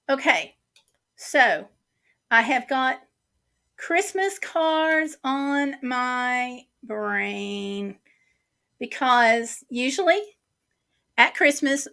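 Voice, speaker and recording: A woman's voice: sits high, fairly bright tone. A woman hosting a casual livestream from her home office, chatting in a rambling, easily sidetracked way. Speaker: livestream host.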